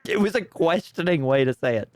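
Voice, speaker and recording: A man's voice: on the high side, animated, fairly quick, darkish tone, dry recording, clean studio sound. A man streaming a detective game, rambling and sarcastic in casual commentary at a desk microphone.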